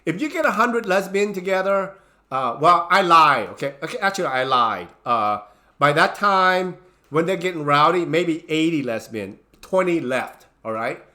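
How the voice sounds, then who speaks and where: A man telling a funny personal story in a casual, animated way. He stumbles through restarts and fillers and slips into the voices of people in the story. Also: fairly high pitch, normal speed. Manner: animated, acts out his own panicked lines; many fillers and restarts, non-native grammar. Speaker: channel host telling a story.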